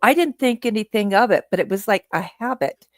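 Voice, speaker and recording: A woman's voice: mid-range voice, animated, fairly quick, no room sound, clean studio sound. A woman on a live stream chat, telling an easygoing story.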